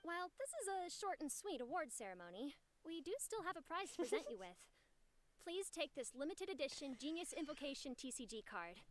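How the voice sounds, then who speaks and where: A formal ceremony announcer. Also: female voice, sits high, sing-song, fairly quick, hardly any pauses, a little hiss or hum. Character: formal female event host, polite. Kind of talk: game cutscene voice acting.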